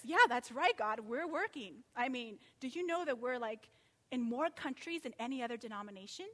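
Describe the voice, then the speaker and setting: A woman preaching a sermon, animated and full of rhetorical questions, acting out quotes as she goes. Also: sits high, normal speed, big-room sound.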